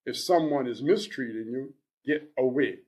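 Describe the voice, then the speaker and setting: A man in his sixties reads aloud in the role of an older male advice columnist, sounding blunt and earnest. His mid-range voice is a little mellow, and his measured, preachy, lightly acted delivery carries an advising mood.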